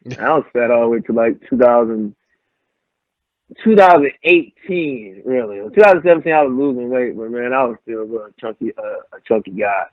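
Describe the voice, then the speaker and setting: Young male guest, animated storyteller, dry lo-fi phone-like sound. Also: mid-range voice, a little fast, dry recording. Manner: animated storyteller, acts out quotes. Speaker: pro wrestler, guest. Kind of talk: casual storytelling interview. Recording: tinny phone-like line, dry.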